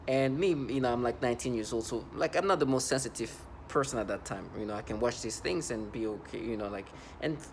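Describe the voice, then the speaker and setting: A man in his thirties giving a rambling, halting personal monologue to the camera in an aggrieved tone. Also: medium pitch, slight background noise.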